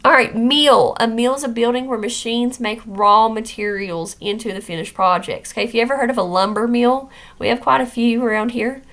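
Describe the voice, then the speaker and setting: Gravelly-voiced teacher woman explaining vocabulary. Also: fairly high pitch, steady tone, a little fast, hardly any pauses, a bit bright. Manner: plain, repeats words and checks with "okay?"; firm about classroom rules. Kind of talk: recorded vocabulary lesson for students.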